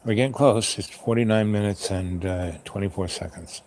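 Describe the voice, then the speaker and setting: A man's voice: fairly low pitch, normal speed, darkish tone, slight background noise. A man hosting his own show, talking in a loose, meandering monologue and often asking himself questions. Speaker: host. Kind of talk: rambling casual monologue.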